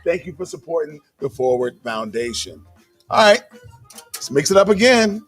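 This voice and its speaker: A man with a fairly high voice hosts a live charity gala and calls out the winners. He keeps it playful and jokey, often slipping into a sing-song delivery. Soft music runs underneath. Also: big pitch swings, normal speed, husky. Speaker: emcee and comedian. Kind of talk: live gala hosting, raffle announcing.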